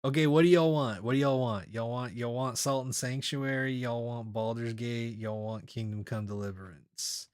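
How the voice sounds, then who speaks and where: A man's voice: medium pitch, fairly even intonation, normal speed, few pauses, a little mellow, clean tone, no room sound, studio quality. A man streaming games, chatting casually with his viewers, rambling and laughing often. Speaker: game streamer. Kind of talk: casual chat with live chat.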